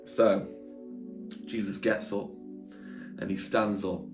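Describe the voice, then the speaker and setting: A young man tells a children's Bible story in a playful, jokey way, teasing himself and throwing in booming sound effects. His voice rings around a roomy space. Faint guitar music sits underneath. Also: fairly even intonation, slow pace, pauses often. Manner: jokey, chatty, self-mocking, dramatic sound effects. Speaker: children's church presenter. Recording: echoey room with faint guitar.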